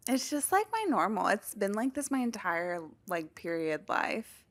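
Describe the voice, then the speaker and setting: A young woman chats candidly as a podcast co-host, her voice mid-pitched and full of vocal fry. She laughs often and pads her talk with "like." It sounds like relaxed conversation between close friends. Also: measured pace. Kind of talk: casual chat.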